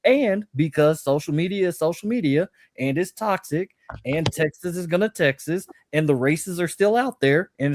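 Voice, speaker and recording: A man's voice: sits high, no echo, studio quality. A man co-hosting a podcast, retelling a story sarcastically and acting out quotes in casual chat. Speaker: podcast co-host.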